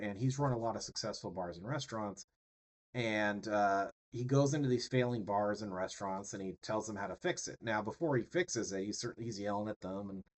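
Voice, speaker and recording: A man's voice: fairly low pitch, rough recording. A man lecturing a class in a loose, conversational way, peppered with fillers and tag questions. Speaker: instructor.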